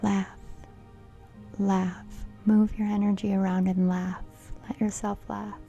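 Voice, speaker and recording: A middle-aged woman doing a casual card reading, playful and giggly, often dropping into a soft whisper. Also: medium pitch, little pitch movement, slow pace, gravelly, lo-fi sound, soft background music. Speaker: tarot reader.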